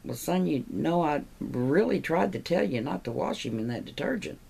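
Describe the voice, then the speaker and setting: A woman's voice: low voice, sing-song, moderate pace, creaky, a little mellow, breathy edge, voice pushed up, heavily acted. A woman voicing a kindly male grocer who talks in a folksy way.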